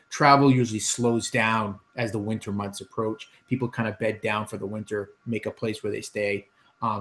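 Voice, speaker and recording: A man's voice: on the low side, fairly bright tone. A man narrating as dungeon master in a tabletop game, rambling with many restarts and filler words.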